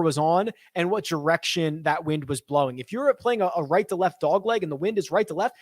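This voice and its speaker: Casual live-stream host, young man, slightly higher voice, dry close mic, thinks out loud. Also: brisk, hardly any pauses, no echo. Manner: chatty, thinks aloud, reads viewer questions.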